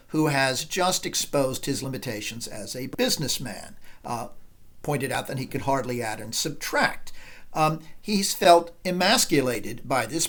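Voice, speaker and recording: A man, a film professor, giving a measured, analytical classroom lecture. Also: a little high, fairly bright tone.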